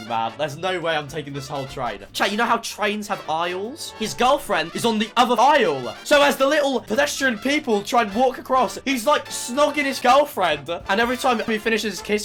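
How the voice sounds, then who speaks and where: High-voiced young streamer. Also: male voice. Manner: animated, acts out quotes of others. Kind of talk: storytime stream.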